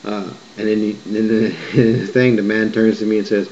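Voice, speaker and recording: Man, fairly low voice, rambling conversational monologue, self-correcting, muffled recording, faint background hum. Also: level tone, normal speed, darkish tone. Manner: digressive, conversational, often restarts and self-corrects. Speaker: writer recounting a vision.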